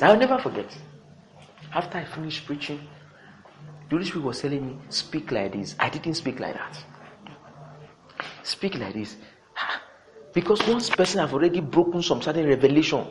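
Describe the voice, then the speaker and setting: A middle-aged man preaching a sermon, swinging between loud exclamations and quiet asides. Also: fairly high pitch, expressive, quick pace, background noise.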